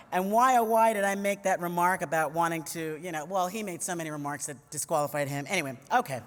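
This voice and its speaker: A woman's voice: lowish voice, fairly quick. A woman in her fifties from New York City gives a humorous personal storytelling talk as a commentator, witty and conversational with playful asides to the audience. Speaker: commentator and conference speaker. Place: large conference hall. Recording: long reverb of a big hall.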